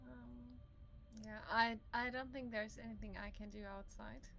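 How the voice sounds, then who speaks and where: A woman's voice: fairly high pitch, fairly even intonation, measured pace, a bit bright, a little hiss or hum. A woman playing a tabletop game, asking questions and planning her moves aloud in a thoughtful way. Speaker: player.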